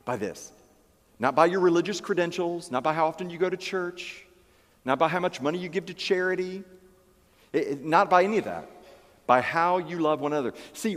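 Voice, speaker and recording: A male pastor delivers an emphatic sermon and circles back to key phrases. His fairly high voice rings out with a long hall reverb in a church.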